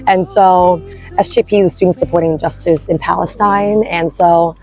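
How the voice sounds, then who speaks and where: A woman's voice: fairly low pitch, steady tone, moderate pace, darkish tone, soft background music. A young woman, a university student, telling her story in an interview with many fillers and restarts. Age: young adult. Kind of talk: casual interview talk.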